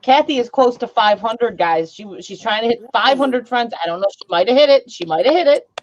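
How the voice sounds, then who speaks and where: A woman's voice: a little high, animated, fairly quick, a little hiss or hum. Teasing woman on a dull lo-fi stream. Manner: teasing, laughs often. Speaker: livestream host. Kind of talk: casual live-stream chat.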